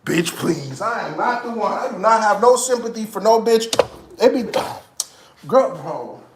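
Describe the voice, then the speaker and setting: Animated high-voiced man telling stories. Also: measured pace, reverberant, a little hiss or hum. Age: 30s. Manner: animated, quoting people in raised voices. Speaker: vlogger. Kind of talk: casual storytelling.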